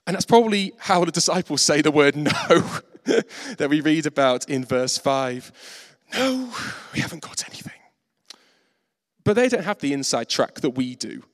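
Lively man preaching in a hall. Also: fairly high pitch. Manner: animated, acts out quoted voices, self-mocking. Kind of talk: sermon. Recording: reverberant hall.

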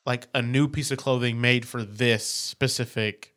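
Casual podcast co-host, man, jokey and rambling, mid-pitched voice. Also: fairly even intonation, unhurried, a bit bright. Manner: loose, joking, trails off and restarts. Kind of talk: casual group chat.

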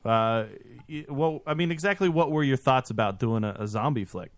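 A man's voice: medium pitch, normal speed, dry recording. A man hosting a casual podcast interview, asking jokey, chatty questions. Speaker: podcast host.

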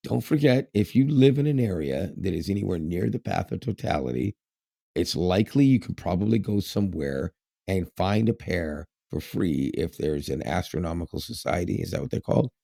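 A man with a very low, gravelly voice chats casually as a podcast co-host. He rambles, fills pauses with "uh" and "um", and laughs often. The sound is dry and close to the mic. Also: expressive, dark tone, no echo. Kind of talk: casual chat.

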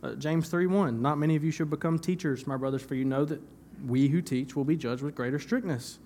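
A man's voice: a little high, brisk, a little mellow, slight background noise. A young man preaching a sermon in church, talking conversationally, repeating phrases for emphasis and laughing at himself now and then. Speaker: pastor.

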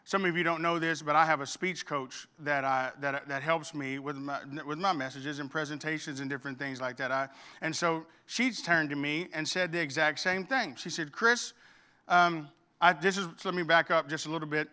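A middle-aged man preaches a sermon, slipping into humorous stories and acting out both sides of a conversation. His voice sits a bit high for a man, bright and forceful, with a smooth, clear tone. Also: moderate pace. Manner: storytelling with humor, acts out dialogue. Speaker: pastor.

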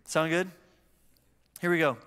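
A man's voice: on the high side, fairly even intonation, measured pace, fairly bright tone, clean tone. A young adult man pastor preaching a sermon in a church, telling a story in a conversational way. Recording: church hall reverb.

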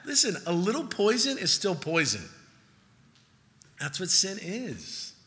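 A man preaching a sermon as pastor, emphatic and urgent, at times dropping to a hushed storytelling voice. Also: sits high, huge pitch swings, unhurried, big-room sound.

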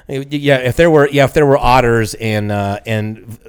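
A man's voice: medium pitch, slow, clear, resonant tone. A man co-hosting a podcast, reacting to stories with short teasing remarks and muttered asides. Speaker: podcast co-host. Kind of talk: casual chat.

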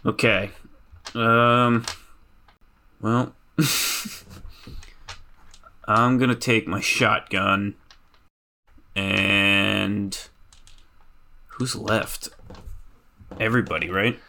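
Player at a tabletop game, very slow, bright tone, hesitant. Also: medium pitch, steady tone, vocal fry. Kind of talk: casual play at a tabletop game.

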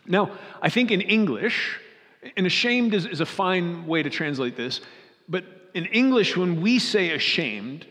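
A pastor reads scripture aloud and then preaches earnestly, often asking his listeners questions and repeating his phrases. His voice sits high and is a bit bright, with lively intonation and a slightly slow pace, and the hall gives a long reverb.

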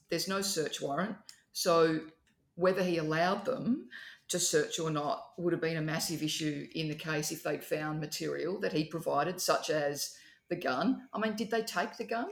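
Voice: mid-range voice, vocal fry, echoey room, a little hiss or hum. A podcast guest raising pointed questions about a criminal case. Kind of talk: casual podcast chat.

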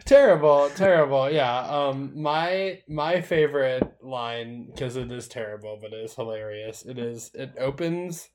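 A man's voice: mid-range voice, measured pace, few pauses. A man co-hosting a casual podcast, laughing often and swearing as he jokes about movies. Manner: laughing often, animated, profane. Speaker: podcast co-host.

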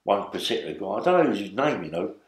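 Recorded with roomy echo, this interview guest is a Londoner in his seventies with a London accent and a fairly low, sing-song voice that moves fast. His stories run long and rambling, tagged with "yeah?" and "you know what I mean?".

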